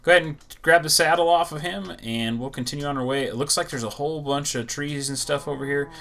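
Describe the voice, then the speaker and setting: Man with a low morning voice. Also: quick pace. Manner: relaxed, rambling, thinks aloud. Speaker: gaming channel host. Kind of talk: casual gameplay commentary.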